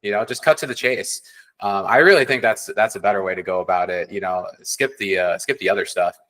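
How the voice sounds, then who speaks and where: A man's voice: fairly low pitch, a little fast, a bit bright, low-quality recording. Candid man from the Chicago area. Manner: earnest, candid storyteller who acts out voices. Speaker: podcast co-host. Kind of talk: casual chat.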